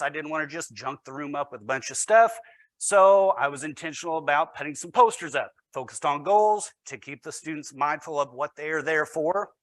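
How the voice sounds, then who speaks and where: A man's voice: fairly high pitch, a bit bright, no echo. A man, a teacher, giving a storytelling presentation with wry, self-deprecating humor.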